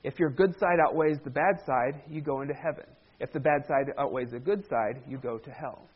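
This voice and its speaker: A man's voice: mid-range voice, moderate pace, slightly rough, dull audio. A man preaching a sermon as a pastor, talking in a conversational way with humorous asides.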